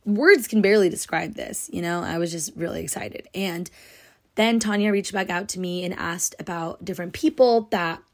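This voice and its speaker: A young woman with a lowish voice hosts her own podcast at a moderate pace, chatting casually on her own. Her speech is gushy and full of "like," and she's emotional and near tears.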